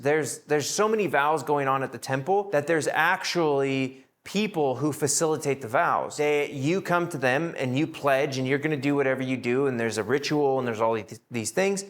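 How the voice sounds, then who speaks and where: A man teaching a Bible study to a live group, acting out the people in his stories with shifts in his voice. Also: a bit bright. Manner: acts out quoted voices with shifts in pitch.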